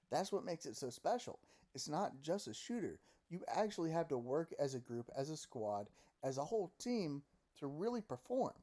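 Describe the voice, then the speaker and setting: A man ranting casually and profanely about a video game, animated and full of mocking quoted voices, recorded close on a desk mic at home. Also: a little high. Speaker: gaming commentator. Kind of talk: casual opinion rant.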